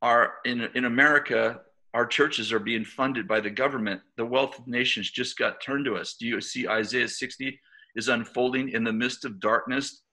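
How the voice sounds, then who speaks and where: Gravelly, bright-voiced male preacher. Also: medium pitch, steady tone, moderate pace. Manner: conversational storytelling with many fillers and restarts. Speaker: church leader. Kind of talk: informal preaching to a church group.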